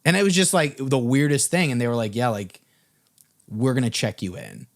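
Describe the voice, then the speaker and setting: A man's voice: mid-range voice, very animated, normal speed, creaky. Casual young man telling a story. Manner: casual, filler-heavy, swearing. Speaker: music business coach.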